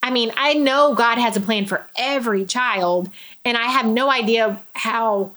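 A woman's voice: fairly high pitch, a little slow. Earnest woman telling her testimony. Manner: earnest, candid, quotes others in lively voices. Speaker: guest sharing her testimony. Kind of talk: personal testimony in conversation.

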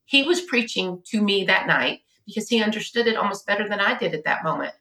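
A woman in her forties telling a painful family story on a podcast, animated and at times tearful. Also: medium pitch, fairly quick. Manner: animated, tearful retelling, quotes others in her own voice. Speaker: podcast guest. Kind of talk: emotional personal storytelling. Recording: echoey room.

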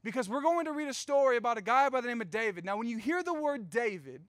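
A young man with a high, smooth voice tells a personal story as a sermon, chatty and animated, turning to the room now and then. The sound is close and dry. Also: fast, no room sound. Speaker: youth pastor.

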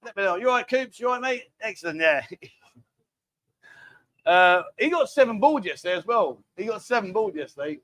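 A man's voice: high voice, lively intonation, fairly quick, fairly bright tone, no room sound. A man hosting a live stream, rambling and bantering casually as he reads out viewer comments. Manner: rambling, chatty, cheeky banter. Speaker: livestream host.

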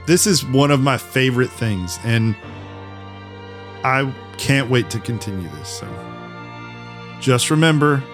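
A man's voice: medium pitch, expressive, measured pace, pauses often, over music. A man co-hosting a podcast, chatting casually and thanking listeners at the end of an episode. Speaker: podcast co-host. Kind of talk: casual podcast sign-off chat.

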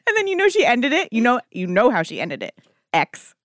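A bubbly woman co-hosting a casual podcast, telling stories with enthusiasm. Her pitch is mid-range but moves a lot. The recording is close and dry. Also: wildly swooping pitch, brisk, fairly bright tone, dry recording. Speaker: podcast co-host. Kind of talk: casual chat.

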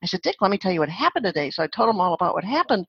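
Older female guest, husky, lively storyteller; muffled lo-fi audio. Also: fairly low pitch, racing, no echo. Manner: chatty, laughing, acts out quoted voices. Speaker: guest, phone-skills trainer. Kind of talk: podcast interview storytelling.

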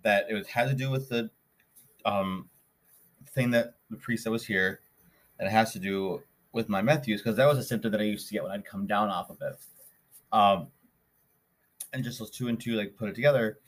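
A man's voice: lowish voice, normal speed, pauses often. A man hosting a podcast, telling a story in a rambling, casual way with many restarts. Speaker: podcast host.

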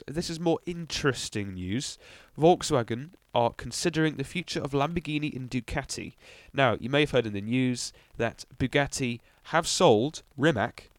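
A man's voice: medium pitch, no room sound. A young man hosting a casual car news podcast, rambling with ums and little asides. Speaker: podcast host.

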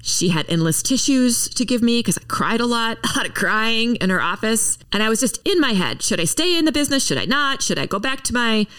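A woman's voice: a little high, big pitch swings, fairly quick, few pauses, a bit bright, distant mic. A woman hosting a podcast, talking to her listeners in a chatty, encouraging way. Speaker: podcast host. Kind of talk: upbeat podcast intro monologue.

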